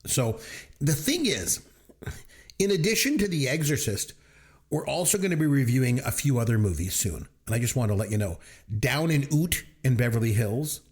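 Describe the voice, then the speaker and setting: A man's voice: mid-range voice, darkish tone. A Canadian man with a Canadian accent, co-hosting a podcast in casual chat, joking and laughing often. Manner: jokey, laughs often, tells dad jokes. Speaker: podcast co-host.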